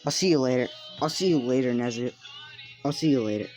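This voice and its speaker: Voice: mid-range voice, fast, a little mellow, soft background music, close to an everyday voice. A storyteller doing a bitter, swearing young man. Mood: scornful. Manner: scornful, swearing. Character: bitter, foul-mouthed young man of eighteen.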